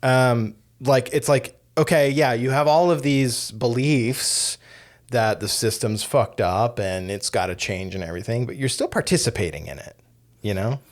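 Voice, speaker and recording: A man's voice: medium pitch, moderate pace. A man co-hosting a podcast, chatting casually about films, hesitant and full of fillers. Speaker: podcast co-host. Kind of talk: casual film discussion.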